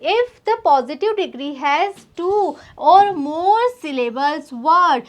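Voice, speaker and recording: A woman's voice: high voice, animated, takes it slowly. A woman with an Indian English accent teaching a grammar lesson, explaining patiently and often addressing the student directly. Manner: patient explaining, repeats "student" and "we are having".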